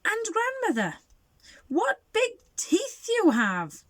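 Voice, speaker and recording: A woman doing a squeaky little girl. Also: huge pitch swings, takes it slowly, a bit bright, dry recording, heavily acted. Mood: wondering. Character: Little Red Riding Hood, small innocent girl.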